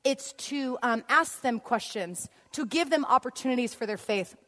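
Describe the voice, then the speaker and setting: A woman preaches to a church crowd in a storytelling way, laughing often and acting out the people in her story. Her voice sits a little high. The sound rings with the long echo of a big hall. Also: moderate pace. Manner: animated, laughs often, acts out scenes. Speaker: guest speaker. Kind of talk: storytelling sermon. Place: church auditorium.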